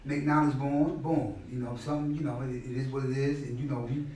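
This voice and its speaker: A middle-aged man telling stories at a class in a casual, animated way, often acting out what others said and repeating words. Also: medium pitch, fairly quick. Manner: animated, acts out quoted people loudly, repeats words. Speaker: guest speaker at a class. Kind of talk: conversational storytelling lecture. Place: indoor classroom space. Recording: very echoey room, mic far off.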